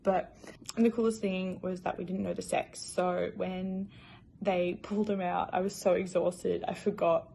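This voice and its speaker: A woman's voice: fairly low pitch, level tone, moderate pace, creaky, mellow, slight background noise. A young woman casually telling her personal story in a chatty, emotional way, full of fillers. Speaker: new mother.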